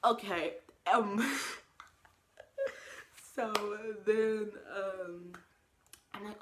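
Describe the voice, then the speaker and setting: A woman's voice: mid-range voice, fairly even intonation, extremely slow, long pauses, very noisy. A young woman telling a story in a casual vlog, talking animatedly with lots of fillers and acted-out quotes. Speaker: vlogger.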